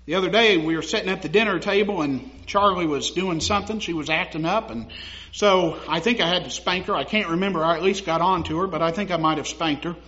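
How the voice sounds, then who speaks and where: High-voiced, bright-toned man preaching. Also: quick pace. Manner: conversational preaching, laughs at own stories, rises to emphatic. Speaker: pastor. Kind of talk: sermon. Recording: dull lo-fi sound.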